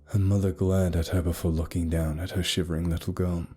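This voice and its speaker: Deep-voiced man narrating a dark tale. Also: brisk, husky. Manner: steady, grave storytelling. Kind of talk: scripted horror story narration. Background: soft music.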